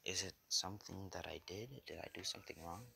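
A man's voice: sits low, a little fast, creaky, pushed and bright, a little hiss or hum, exaggerated voice. A man voicing a timid, broken young hero who speaks hesitantly and stammers.

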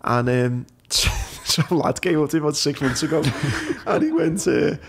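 A man's voice: fairly high pitch, big pitch swings, measured pace, slight background noise. A man hosting a podcast, chatting casually and telling stories, swearing freely. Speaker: podcast host. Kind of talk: casual chat.

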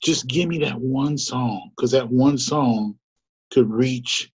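Earnest man telling his story, husky. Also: medium pitch, takes it slowly. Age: middle-aged. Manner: earnest, conversational, many fillers and restarts. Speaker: guest storyteller. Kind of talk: personal testimony. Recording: muffled lo-fi recording.

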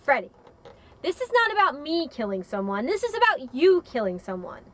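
Lady doing a sly crime boss, high lively voice, cool and mocking. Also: normal speed. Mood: smug. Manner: sly, sing-song, mocking. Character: cold female crime boss, sly and smug.

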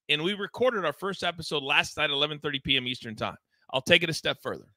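A man's voice: a little high, bright, forceful tone, no room sound. A man hosting a live sports betting show, talking in a hyped, teasing, promotional way. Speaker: host.

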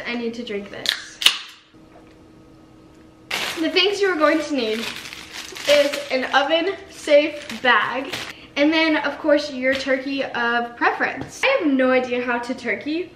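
A woman's voice: high-pitched, echoey room, noisy background. A young woman rambling chattily through a cooking vlog, mocking herself as she goes. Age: young adult. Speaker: vlogger.

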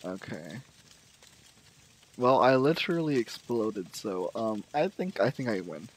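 A man's voice: lowish voice, very animated, measured pace, slightly rough, poor audio. A man casually narrating his own video game play, musing aloud with fillers and trailing off.

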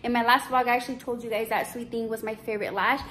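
Young woman, boutique owner, casual vlog chat, slightly high voice, roomy echo, a bit off-mic. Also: fast, far from the mic, noisy background. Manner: chatty, animated storytelling with fillers. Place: her boutique store, indoors. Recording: echoey room, voice off-mic.

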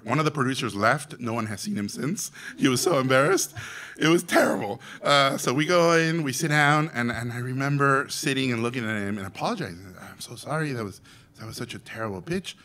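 Speaking as a festival guest, a Mexican animation director spins a theatrical, animated story for the crowd, voicing quotes loudly. His voice has a medium pitch.

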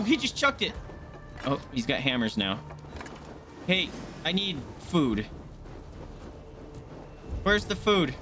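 Excitable swearing young male streamer. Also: a little high. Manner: excitable, swearing, panicky outbursts. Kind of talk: live gameplay commentary.

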